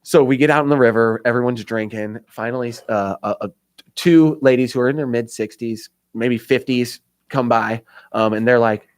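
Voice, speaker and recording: A man with an Indiana accent tells a rambling story in casual talk-radio style. He jumps into other people's voices and laughs along the way. His voice sits at a middle pitch and sounds close and dry. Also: moderate pace, clean tone, no echo. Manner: animated storyteller, acts out voices, laughs often. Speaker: radio show host.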